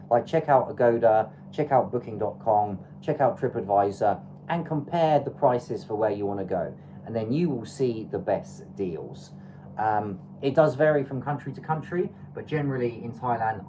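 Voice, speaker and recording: English woman, livestream travel host, very low mellow voice, rambling advice with fillers. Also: animated, moderate pace, a little hiss or hum, poor audio. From England. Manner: chatty, advice-giving, loose with fillers. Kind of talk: casual livestream chat.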